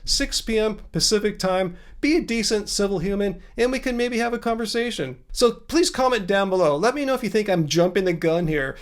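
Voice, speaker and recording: A man hosting a commentary vlog, talking in an emphatic, argumentative and sarcastic way. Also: sits high. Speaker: vegan channel host.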